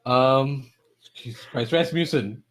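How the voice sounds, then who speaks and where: A man runs a tabletop role-playing game as game master. He narrates in a loose, halting way, stopping for ums and restarts. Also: medium pitch, slight background noise. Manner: halting, filler-heavy, casual.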